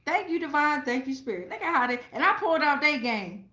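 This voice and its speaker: A woman giving a casual tarot reading to her viewers, talking excitably with lots of profanity, repeating phrases and checking in with "right?" again and again. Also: a little high, brisk, hardly any pauses, echoey room, a little hiss or hum. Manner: profane, keeps asking "right?". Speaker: tarot reader.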